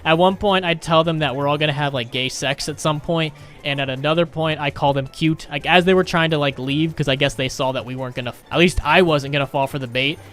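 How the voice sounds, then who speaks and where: A man's voice: a little high, brisk, hardly any pauses, fairly bright tone. A young man, a gaming YouTuber, rambling through a funny self-mocking story over gameplay.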